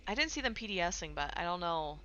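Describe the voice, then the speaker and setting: A woman game streamer giving excited, chatty, slangy live commentary as she watches and plays. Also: fairly low pitch, fast talker, muffled recording, a little hiss or hum. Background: background music.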